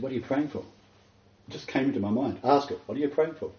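A man preaching a sermon as pastor, animated and emphatic, often breaking into laughter. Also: mid-range voice, fairly quick, pauses often, roomy sound, lo-fi sound.

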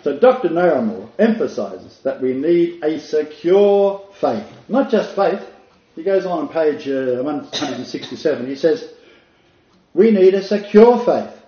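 A man giving a Bible lesson, reading quotes slowly and repeating key words for emphasis. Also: fairly high pitch, lively intonation. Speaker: Bible teacher. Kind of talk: teaching talk, reading quotes aloud. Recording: roomy, slightly dull sound.

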